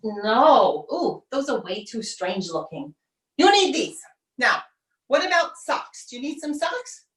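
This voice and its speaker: A woman's voice: a little high, very animated, fairly bright tone, far from the mic, heavily acted. Woman performer playing a fussy, dismissive mom, roomy stage sound from afar. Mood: gushing. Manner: brisk, bossy, brushing things off. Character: fussy, chattering mother who won't listen.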